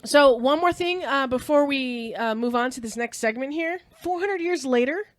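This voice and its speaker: A woman co-hosting a podcast, giggly and excitable in loose, swearing chat. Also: sits high, normal speed, no room sound. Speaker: podcast co-host.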